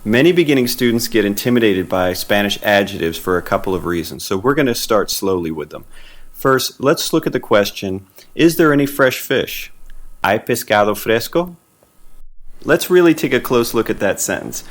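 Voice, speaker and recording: A man teaching a beginner Spanish lesson in a friendly, patient way, slowing down for example phrases. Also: fairly low pitch, animated.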